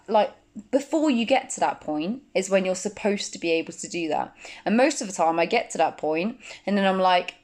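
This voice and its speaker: A woman in her twenties talking casually to camera as a vlogger, full of fillers and quick asides. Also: mid-range voice, darkish tone. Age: 20s. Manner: chatty, many fillers like "like". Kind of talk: casual chat.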